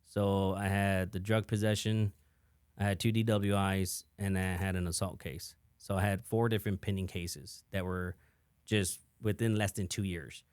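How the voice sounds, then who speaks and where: Low-voiced frank man, dry sound. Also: level tone, moderate pace, a little mellow, clear, resonant tone, dry recording. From San Antonio, Texas. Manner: frank, repeats words and restarts, many "you know"s. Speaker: podcast guest, event entrepreneur. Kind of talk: candid conversational interview.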